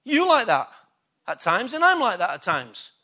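A man's voice: very high-pitched, huge pitch swings, normal speed, sharp tone, breathy edge. A man preaching a sermon, emphatic and full of rhetorical questions to the congregation.

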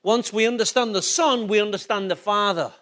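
A man's voice: high voice, brisk, fairly bright tone. A man preaching a sermon as pastor, asking the congregation rhetorical questions and rising to emphatic points.

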